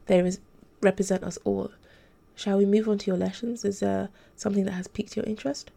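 A woman's voice: mid-range voice, little pitch movement, a little fast, gravelly, warm tone. A woman voicing a formal, hesitant angel tutor. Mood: earnest. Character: troubled young female angel tutor.

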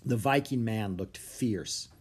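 A man narrating a children's storybook aloud, expressive and animated. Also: on the low side, slow pace, slightly rough.

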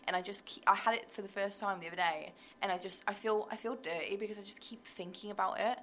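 A woman chatting casually as a guest, rambling with lots of fillers and quick giggles. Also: mid-range voice, steady tone, fairly bright tone, a little hiss or hum. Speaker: guest, powerlifter. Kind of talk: casual chat.

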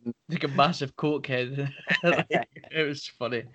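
A man's voice: mid-range voice, normal speed, sharp tone. A man, co-hosting a casual podcast chat, rambling and searching for names. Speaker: podcast co-host.

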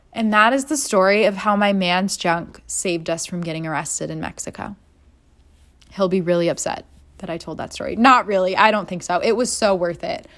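A young woman talking casually on her own podcast, spinning a story. She is animated and playful, and she slips into the voices of the people she quotes. It is a relaxed, conversational monologue. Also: medium pitch. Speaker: podcast host.

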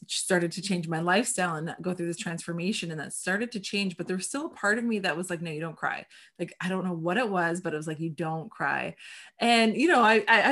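Animated, emphatic woman host. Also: mid-range voice. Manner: animated, emphatic, laughs often. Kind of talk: casual conversation.

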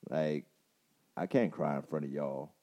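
A man's voice: extremely low pitch, measured pace, warm tone. A young man co-hosting a podcast, talking in a laid-back, slangy way and laughing often. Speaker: podcast co-host and school teacher. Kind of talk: casual podcast chat.

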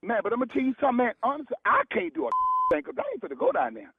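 A man's voice: very high-pitched, wildly swooping pitch, very fast, vocal fry, a little hiss or hum. A man on a phone call, blunt and exasperated, swearing and repeating himself. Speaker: prank call target. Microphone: telephone. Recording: tinny dry phone line.

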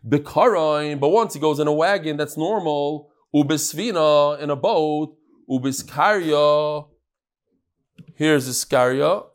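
A man teaching a live Talmud class, lively and chatty, teasing his audience. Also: a little high, slow pace.

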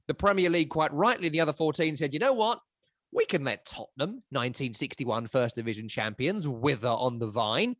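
A man's voice: high voice, fairly bright tone, dry recording, studio quality. A man co-hosting a casual football podcast, opinionated and given to sweeping rhetorical riffs. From England. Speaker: podcast co-host.

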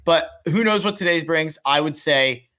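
A man hosting a casual sports betting podcast, talking in a halting way with frequent restarts. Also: a little high, bright, forceful tone. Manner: hesitant, restarts often. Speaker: podcast host.

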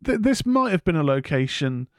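A man's voice: a little high, sing-song, moderate pace, no echo, clean studio sound. Man rambling through a show recap. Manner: rambling, hesitant with many fillers. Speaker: podcast co-host. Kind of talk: casual chat recapping a TV episode.

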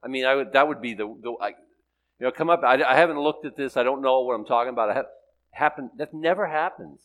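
An older man with a mid-range voice teaches the Bible rapid-fire, first reading scripture solemnly, then telling a story with many restarts. It's a mix of sermon and storytelling, captured on a rough recording.

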